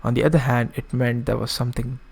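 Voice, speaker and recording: A man's voice: mid-range voice, steady tone, fast, creaky, a little mellow, slightly rough. A man streaming, reading a visual novel aloud and breaking off for casual asides. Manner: casual asides, self-correcting.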